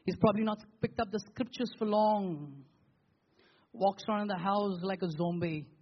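Man, pastor, preaching, rhetorical questions, high pitch, muffled lo-fi recording. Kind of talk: sermon.

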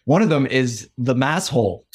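A man's voice: medium pitch, animated, moderate pace, husky. A man in the interviewer's seat with a mid-range voice, keeping things friendly and loose. He prompts his guest with questions and often restarts his phrasing as he goes. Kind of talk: casual interview.

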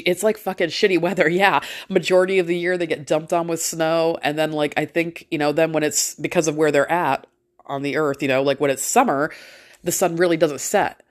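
Low-voiced chatty woman, casual rambling. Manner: rambling, chatty, swears freely, laughs often. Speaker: podcast host. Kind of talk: casual chat.

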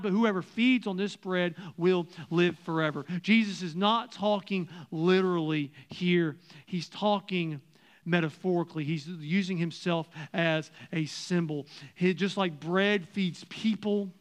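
Pastor, male, high-pitched, conversational sermon delivery with quiet hushed emphasis. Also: normal speed. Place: church service.

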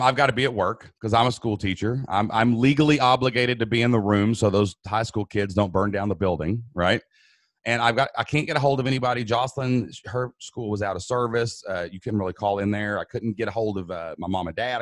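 A man's voice: medium pitch, brisk, dry recording. A man guest in an interview, earnestly telling an emotional personal story and acting out the dialogue. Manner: earnest, emphatic, acts out quoted dialogue.

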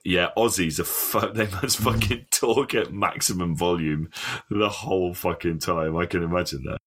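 A man's voice: low-pitched, moderate pace, fairly bright tone, husky. A man co-hosting a podcast in casual banter, swearing a lot and laughing often. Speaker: podcast co-host.

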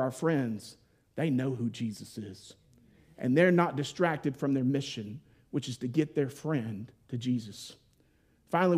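A man with a high, light voice preaches a sermon like a storyteller. He jumps into playful voiced asides and then drops to a hushed, solemn hush for weighty moments.

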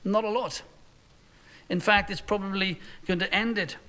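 Male pastor, earnest sermon delivery, high and ringing tone. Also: steady tone, normal speed, sharp tone. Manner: earnest, voices imagined speakers in quotes.

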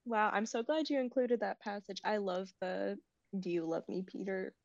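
A woman in her twenties in casual, reflective conversation, soft-spoken and quick to laugh. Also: medium pitch, fairly even intonation, creaky. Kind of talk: casual chat. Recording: dry, slightly dull sound.

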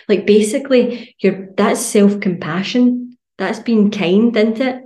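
A woman's voice: mid-range voice, unhurried, few pauses, mellow, roomy sound. A woman hosting a casual solo podcast as a fitness coach, blunt and chatty with plenty of swearing.

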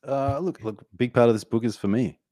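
An Australian man in his forties, an author guest on a podcast, talking in an animated, playful way. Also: medium pitch, a little fast, no echo, studio quality. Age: 40s. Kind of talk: podcast conversation.

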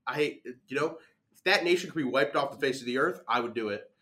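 Young male podcast guest, bright clear voice, animated storyteller. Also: medium pitch, fast, a little hiss or hum. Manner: animated, laughs while telling stories. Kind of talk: casual storytelling chat.

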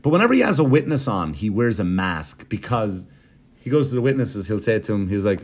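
A man's voice: lowish voice, sing-song, a little fast. A man hosting a podcast, telling a story in a rambling, profane, casual comedic way, with mocking impressions. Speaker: podcast host.

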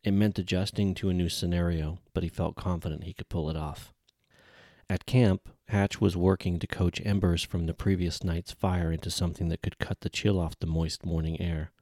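A man reading a novel aloud in measured, even audiobook narration. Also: sits low, no room sound, clean studio sound.

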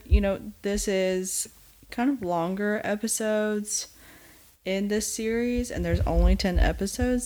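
A woman from the American South, co-hosting a podcast and reviewing a TV series in an animated, emphatic way. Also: on the low side. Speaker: podcast co-host. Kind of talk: casual chat reviewing a TV series.

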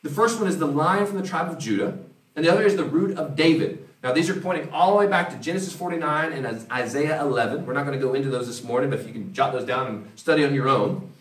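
A man's voice: a little high, lively intonation, fast talker. A man preaching a conversational sermon, acting out quoted voices as he goes. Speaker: pastor. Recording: roomy, from a distance.

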